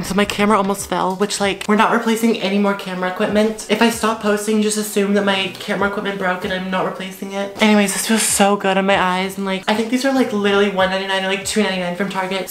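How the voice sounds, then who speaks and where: A teenage girl chatting quickly to her camera in her bedroom, joking at her own expense and dropping "like" everywhere. Her pitch stays fairly level, with little rise and fall. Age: teens. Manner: chatty, self-mocking, says "like" a lot. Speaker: vlogger. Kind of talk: casual vlog chat. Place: bedroom at home.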